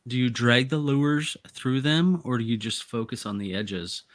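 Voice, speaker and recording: A man's voice: mid-range voice, unhurried, dry recording, clean studio sound. A man co-hosting a live fishing stream, chatting casually and telling rambling stories. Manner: storytelling, rambling. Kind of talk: casual chat.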